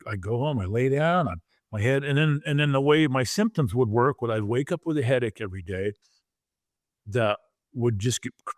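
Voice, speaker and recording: A man's voice: medium pitch, no room sound. A man in his sixties tells a long story from his past on a podcast. He relives it vividly and slips into the voices of the people he quotes. His voice sits in the middle range, and the recording is dry and close. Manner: animated, vivid retelling with acted-out quotes. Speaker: guest, former pro football player.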